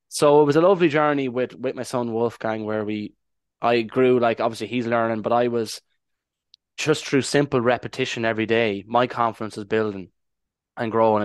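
A man with an Irish accent rambles thoughtfully through his story as a podcast guest. His voice sits fairly low and sounds close and dry, with no room behind it. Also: dry recording. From Ireland. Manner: reflective, rambling with restarts. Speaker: podcast guest, language advocate. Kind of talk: casual interview storytelling.

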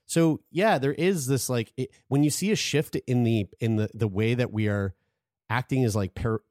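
A man's voice: medium pitch, normal speed, darkish tone, no room sound, clean studio sound. A man co-hosting a podcast, talking in a loose, rambling way with lots of restarts and swearing. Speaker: podcast co-host. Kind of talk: casual chat.

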